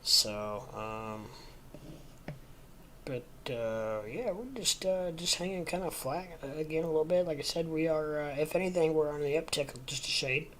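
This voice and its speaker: A man's voice: fairly high pitch, normal speed, a bit bright, a little hiss or hum. A man hosting a casual livestream from home, sleepy and rambling with lots of ums and uhs. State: sleepy, yawning. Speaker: livestream host.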